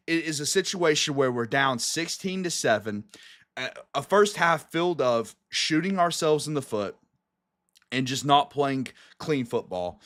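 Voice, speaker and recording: Young male co-host, emotional and exclamatory, lively pitch swings, casual sports talk. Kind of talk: casual sports podcast chat.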